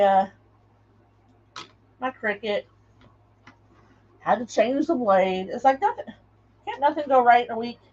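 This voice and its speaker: A woman with a slightly high voice hosts a craft livestream, chatting casually and ramblingly while she works and greeting viewers by name. The audio sounds dull.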